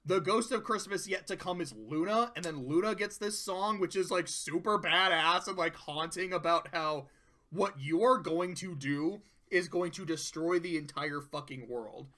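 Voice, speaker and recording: Bright-voiced excited man reviewing cartoons. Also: high voice, normal speed. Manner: excited, swears a lot, laughs hard. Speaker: video reviewer. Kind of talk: casual commentary.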